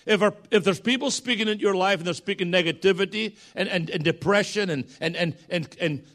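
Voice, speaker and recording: A man's voice: sits high, a little fast, fairly bright tone. A Scottish man preaching as a guest in a church, joking with the congregation and calling for responses. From Scotland. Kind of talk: sermon.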